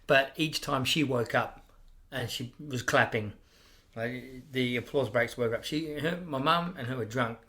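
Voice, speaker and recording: A man's voice: mid-range voice, a little slow, sharp tone. A middle-aged man with an Australian accent telling brash stories in casual chat, swearing freely and acting out quoted voices. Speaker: stand-up comedian guest. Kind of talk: casual storytelling.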